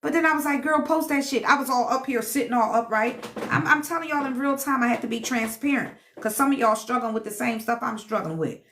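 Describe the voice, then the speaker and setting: A woman's voice: on the high side, quick pace, fairly bright tone, slight background noise. A woman hosting a casual live stream at home, a self-described healer and teacher who reads comments, laughs often and talks to viewers in a sassy, playful way.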